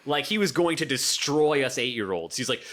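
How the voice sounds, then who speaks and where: A man's voice: medium pitch, moderate pace. A young man telling a story on a casual podcast, laughing often and acting out voices. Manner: animated, laughing, acts out voices in stories. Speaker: podcast co-host.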